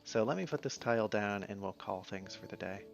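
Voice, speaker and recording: A man streaming a game in a relaxed, casual way, musing to himself as he plays. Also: fairly low pitch, fairly quick, gravelly. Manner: easygoing, mumbles to himself while playing. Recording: slightly dull sound, faint music behind.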